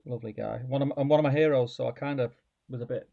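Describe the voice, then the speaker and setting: A man's voice: medium pitch, steady tone, rapid-fire, gravelly. A man co-hosting a casual livestream chat, with short dry remarks. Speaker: co-host. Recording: dull lo-fi mic.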